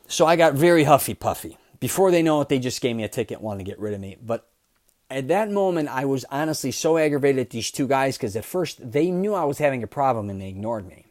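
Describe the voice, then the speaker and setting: Guy ranting on his podcast, fired up, cusses a lot, dry sound, normal pitch. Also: fast talker, no room sound. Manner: animated, profane, swings between loud outbursts and low asides. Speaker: podcast host. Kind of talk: casual storytelling monologue.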